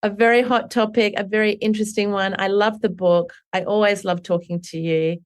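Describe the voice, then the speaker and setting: A woman hosting a podcast interview, effusive and quick, with stumbling restarts. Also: medium pitch, fairly even intonation, clear, resonant tone. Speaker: podcast host. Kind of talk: casual interview chat.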